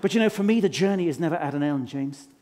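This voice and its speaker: A man's voice: on the high side, lively intonation, fast, a little mellow, close to an everyday voice. A man playing a pompous, self-adoring management guru in a live stage comedy act, spouting rhymes and quizzing the audience from a conference stage. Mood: boastful. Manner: showy rhyming wordplay, quizzes the audience. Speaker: motivational speaker character.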